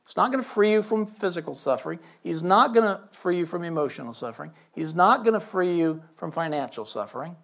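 A man's voice: high voice, animated, fairly quick, gravelly, few pauses, a bit bright. A man preaching a sermon, reading scripture aloud and breaking in with emphatic asides and questions to his listeners.

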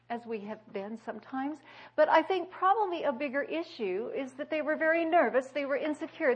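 A woman preaching a sermon that mixes scripture with personal stories, rising to loud declarations and dropping to hushed, quiet passages. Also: high-pitched. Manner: emphatic, swings between loud declarations and hushed quoted speech.

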